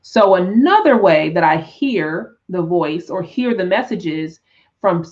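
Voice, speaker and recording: Unhurried woman teaching tarot on a live stream. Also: fairly low pitch, expressive, dull audio. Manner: unhurried, reflective, many restarts and "right?" check-ins. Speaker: tarot teacher and spiritual coach.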